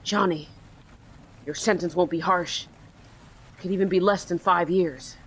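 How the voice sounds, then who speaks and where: A woman voicing a male detective from a video game, dropping her voice low and speaking calmly and soothingly. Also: measured pace, breathy edge, heavily acted. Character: steady male detective talking someone down. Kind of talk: reading game dialogue aloud.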